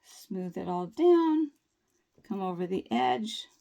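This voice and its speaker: A woman's voice: mid-range voice, big pitch swings, slow pace, dark tone. A woman chatting upbeat and reassuring through a nail tutorial, with folksy phrasing. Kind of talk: casual tutorial talk.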